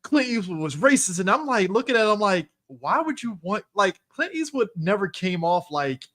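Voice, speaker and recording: A man co-hosting a casual movie podcast, rambling and expressive. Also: sits high, normal speed. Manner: rambling, expressive, laughs easily. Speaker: podcast co-host.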